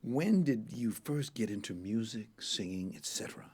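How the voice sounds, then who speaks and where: A man's voice: lowish voice, lively intonation, moderate pace, a little mellow, husky. A man hosting an interview, asking questions and affirming with short interjections. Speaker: host.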